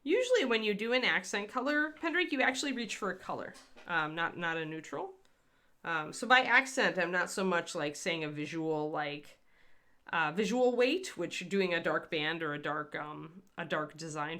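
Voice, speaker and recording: A woman's voice: fairly low pitch, lively intonation, normal speed, sharp tone. A woman hosting a casual painting demonstration, chatty and rambling as she answers viewers in a live chat. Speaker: miniature painter hosting a livestream.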